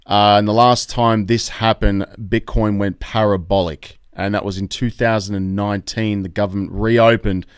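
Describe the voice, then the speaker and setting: An Australian man hosting a live crypto stream, talking excitedly and rambling as he reads out the chat. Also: on the low side, moderate pace, hardly any pauses, clean tone, dry recording, clean studio sound. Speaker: crypto YouTube host.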